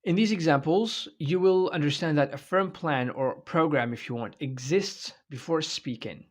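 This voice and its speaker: A man's voice: a little high, moderate pace. A man giving an online English grammar lecture, explaining step by step and checking in often with "okay?" and "right?". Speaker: English teacher.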